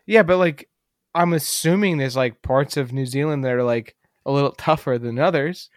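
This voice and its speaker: A man's voice: mid-range voice, moderate pace, dry recording, clean studio sound. A young man co-hosting a casual movie-review podcast, easygoing and blunt with jokes. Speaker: podcast co-host.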